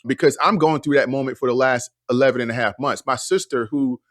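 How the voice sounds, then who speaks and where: A man's voice: medium pitch, quick pace, dry recording, clean studio sound. A man in his forties hosting a podcast, asking thoughtful questions in a casual, reflective way. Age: 40s. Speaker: podcast host. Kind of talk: reflective conversational interviewing.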